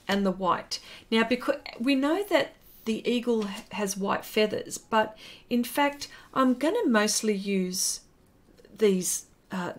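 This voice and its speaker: Australian woman, casual live-stream chat, painting while talking, fillers and asides, slightly high pitch. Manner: chatty, warm greetings to chat, rambling with fillers.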